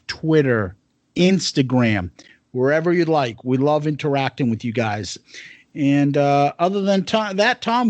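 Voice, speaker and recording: A man's voice: fairly high pitch, no room sound. A man co-hosting a podcast in loose, rambling casual chat full of fillers. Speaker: podcast co-host.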